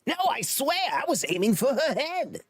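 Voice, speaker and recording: A man's voice: very high voice, sing-song, moderate pace, slightly rough, dry recording, studio quality, voice pushed up, full character voice. A man doing the Joker, a taunting clown villain. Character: Joker, cackling menacing male clown villain.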